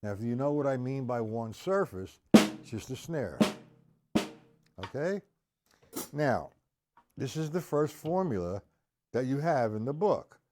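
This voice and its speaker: Slow-talking man teaching drums. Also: mid-range voice, very animated, over music. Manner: slow, patient explaining, counting and scatting rhythms loudly. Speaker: drum teacher. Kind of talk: live-streamed drum lesson.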